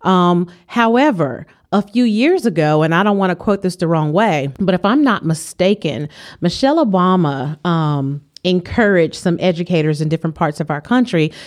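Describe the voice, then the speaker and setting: A woman principal with a fairly low voice joins the podcast slightly out of breath. She explains her views confidently and at length, in a relaxed, conversational way. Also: normal speed. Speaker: school principal, regular guest. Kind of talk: casual chat.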